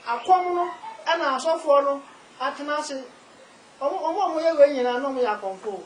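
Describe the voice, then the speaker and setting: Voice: high-pitched, moderate pace. Emphatic guest, echoey room. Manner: emphatic, repeats key phrases. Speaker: spiritual and herbal practitioner, guest. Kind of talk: casual interview talk. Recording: echoey room with faint noise.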